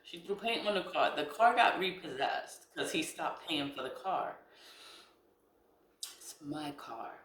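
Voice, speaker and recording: Middle-aged woman, casual confessional storyteller: blunt, profane, quick to laugh; echoey room. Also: low-pitched, lively intonation, fairly bright tone. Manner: blunt and candid, swears freely, laughs between lines. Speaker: spiritual content creator. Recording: roomy echo.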